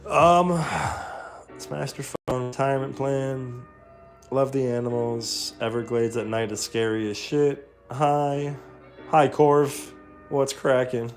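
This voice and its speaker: A man's voice: medium pitch, fairly even intonation, slow pace. Profane, laughing male streamer. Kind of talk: casual livestream chat. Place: home room while painting. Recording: roomy echo, faint guitar music.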